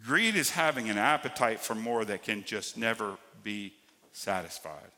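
A man preaching a sermon as pastor, swinging between loud emphatic lines and quiet drawn-out ones. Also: on the low side, animated, in a large hall.

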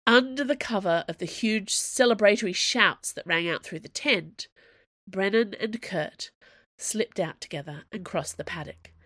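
A woman narrating an audiobook in an even, wry storytelling manner. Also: on the low side, no echo, studio quality.

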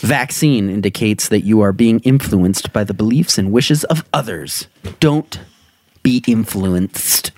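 A man's voice: lowish voice, unhurried, a little mellow, dry recording. A man hosting a podcast, reading dream meanings aloud in a casual, jokey way and laughing often. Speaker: podcast host.

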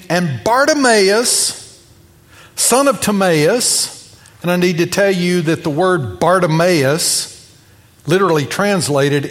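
A man preaching a sermon, animated as he tells a story, acting out the people in it. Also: high-pitched, long reverb tail. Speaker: pastor.

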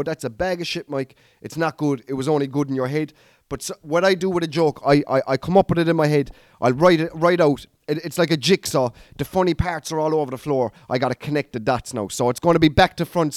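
A man's voice: a little high, a little mellow, dry recording, clean studio sound. A man in his thirties with an Irish accent, talking through a comedy bit in a casual, rambling way, swearing and restarting his sentences. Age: 30s. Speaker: comedian podcast host.

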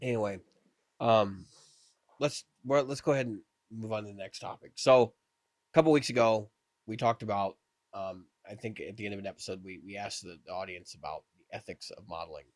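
A man co-hosting a casual podcast, relaxed and opinionated, steering the discussion. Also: lowish voice, brisk, dry recording, studio quality. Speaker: podcast co-host. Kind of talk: casual chat.

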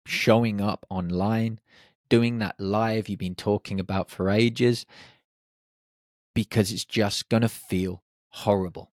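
A man hosting a solo podcast, talking in an animated way and slipping into quick voices for people's inner self-talk. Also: fairly low pitch, dry recording, studio quality. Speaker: podcast host.

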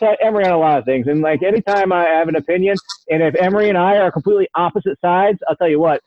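A man hosting a sports podcast in casual chat, quick and rambling, often correcting himself. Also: on the high side, no echo, highs cut off. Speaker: podcast host.

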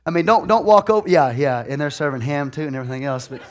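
A man preaches fast, his voice fairly high, as he tells his congregation folksy stories in an animated, conversational way. Loud, excited bursts alternate with quiet, confiding moments, and he keeps asking the listeners if they're following.

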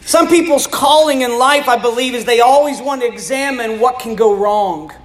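A man in his fifties preaching a sermon as a pastor, animated, with joking asides and rising to emphatic shouts. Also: very high voice, normal speed. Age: 50s. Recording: roomy echo.

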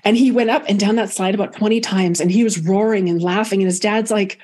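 A woman speaking as a guest medium, telling a personal story softly and thoughtfully. Her voice sits at an ordinary middle pitch, and she often pauses and starts her sentences again. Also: steady tone. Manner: halting, many restarts, soft and reflective.

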